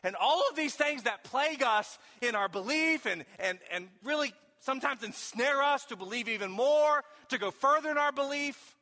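A man preaching a sermon, emphatic and folksy, with storytelling and sudden shouted questions. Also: very high-pitched, expressive, moderate pace, hardly any pauses. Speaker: pastor. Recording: long hall reverb.

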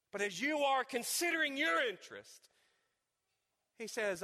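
Bright-voiced man preaching in a hall. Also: wildly swooping pitch, a little slow, pauses often. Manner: swings from hushed low talk to loud preaching peaks; repeats and restarts words when fired up. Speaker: pastor. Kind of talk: sermon. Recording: long reverb of a large hall.

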